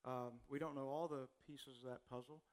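A man's voice: medium pitch, fairly even intonation, normal speed. A man preaching a sermon as a pastor in a casual, conversational way, often repeating words as he starts sentences.

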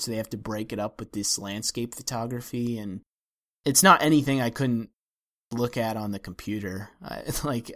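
A man hosting a film podcast in casual discussion, talking in a wry, hesitant way with many restarts. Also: mid-range voice. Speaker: podcast host.

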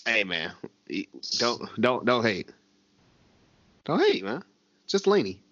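A man co-hosting a podcast in a loose, animated way, stammering, restarting and swearing as he recaps a show. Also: mid-range voice, takes it slowly, dry recording, highs cut off. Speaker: podcast co-host. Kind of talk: casual chat recapping a TV show.

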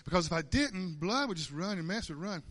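A man's voice: high voice, expressive, a little fast, a bit bright. A man, telling a folksy testimony at church, stammering and repeating words with frequent chuckles. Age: 50s. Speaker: church speaker. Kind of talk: conversational testimony.

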